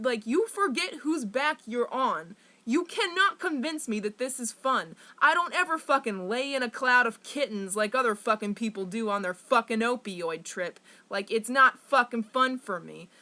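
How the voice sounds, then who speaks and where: A young woman talking candidly to camera in a rambling, profane confessional monologue, full of fillers and flaring into loud anger. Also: on the high side.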